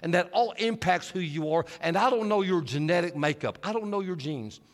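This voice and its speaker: Male preacher, high voice, storytelling sermon that moves between hushed and lively, long hall reverb. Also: brisk. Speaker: pastor.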